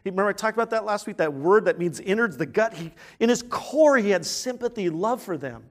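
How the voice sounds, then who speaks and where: Man, pastor, sermon, fairly high voice, earnest, rhetorical questions, quiet to emphatic. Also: lively intonation, fairly quick.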